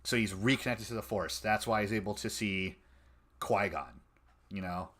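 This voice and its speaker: A man co-hosting a casual fan podcast, talking in an animated way with lots of restarts. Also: on the low side, normal speed. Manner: animated, stumbling restarts, quotes scenes in voices. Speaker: podcast co-host.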